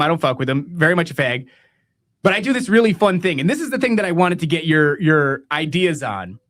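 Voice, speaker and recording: A man's voice: fairly high pitch, fairly bright tone. An American man hosting a podcast, telling a story in a profane, mocking rant and laughing at his own tale. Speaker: podcast host.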